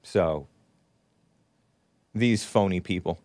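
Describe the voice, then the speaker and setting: A man's voice: mid-range voice, expressive, measured pace, clear, resonant tone, no echo. Opinionated man ranting, dry close sound. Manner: opinionated, rambling, reads comments aloud. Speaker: host. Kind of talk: solo commentary livestream.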